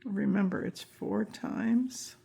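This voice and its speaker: A woman's voice: mid-range voice, slow pace, creaky, dark tone, slightly rough. A woman teaching a crochet tutorial step by step, counting stitches aloud with chatty asides, and she has the hiccups. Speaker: crochet instructor.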